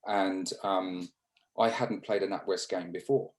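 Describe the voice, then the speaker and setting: An English man in his fifties, a former cricketer, telling stories in a casual interview over a video call, halting with restarts and fillers. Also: low voice, steady tone, poor audio. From England.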